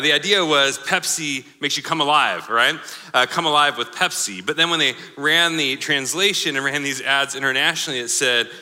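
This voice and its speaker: A man's voice: fairly high pitch, pushed and bright. A man preaching a sermon, joking and laughing at his own examples. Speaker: pastor. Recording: live sermon in a hall with long reverb.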